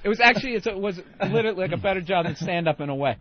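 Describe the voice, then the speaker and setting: Excitable profane radio storyteller man. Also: high-pitched, rapid-fire, dull audio. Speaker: radio show regular.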